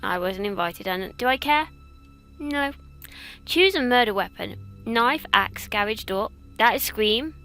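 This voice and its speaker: Bright chatty young English woman. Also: on the high side, lively intonation, measured pace, soft background music. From England. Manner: chatty, rambling, self-mocking. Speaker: YouTuber. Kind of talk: casual quiz commentary.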